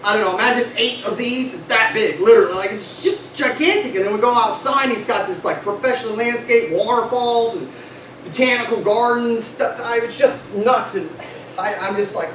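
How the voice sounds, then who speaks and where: Young male sales VP, high voice, motivational storyteller, distant mic, noisy room. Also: moderate pace, echoey room. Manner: animated storytelling, acts out dialogue, laughs often. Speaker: sales company vice president giving a talk. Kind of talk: motivational speech to a sales team.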